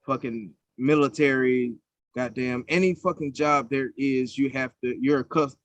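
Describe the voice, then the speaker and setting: A man co-hosting a podcast, telling stories with a cursing, animated delivery in casual chat. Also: mid-range voice, moderate pace, dry recording. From United States. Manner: profane, animated storytelling. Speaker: podcast co-host.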